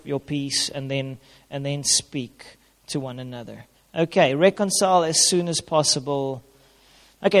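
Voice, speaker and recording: A man giving an informal sermon on marriage as a pastor, conversational and plain-spoken, repeating key phrases. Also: a little high. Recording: long hall reverb.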